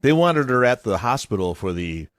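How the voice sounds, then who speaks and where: Man, radio host, teasing dry jokes, mid-pitched voice, dead-dry studio sound. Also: big pitch swings, normal speed, no echo. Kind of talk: casual morning show banter.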